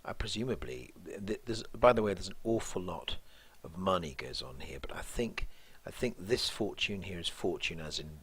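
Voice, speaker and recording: Low husky-voiced male teacher. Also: expressive, moderate pace, few pauses, fairly bright tone. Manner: thoughtful, musing, hesitant with fillers and restarts. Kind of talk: line-by-line explanation of a play.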